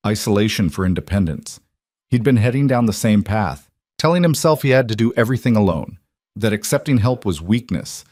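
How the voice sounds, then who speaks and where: A man with a lowish voice reads a heartfelt story in an even, measured way. The sound is close and dry, with no room echo. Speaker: narrator. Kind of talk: scripted story narration.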